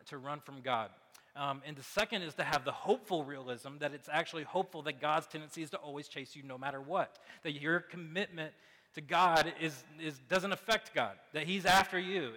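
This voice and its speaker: A man in his thirties preaching a sermon in a loose, conversational way, full of fillers and quick asides. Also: a little high, pushed and bright. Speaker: pastor. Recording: long hall reverb.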